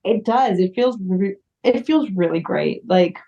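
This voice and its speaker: A chatty woman from the United States talks as a guest in a casual interview, circling her thoughts with fillers and restarts. Her voice sits at an ordinary pitch for a woman. The sound comes through a little dull and lo-fi. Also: a little slow, dark tone. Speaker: singer-songwriter guest.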